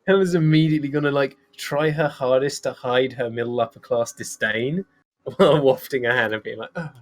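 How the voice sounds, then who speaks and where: A man of middle pitch chats casually as a player in a tabletop game. He talks easily and is quick to laugh.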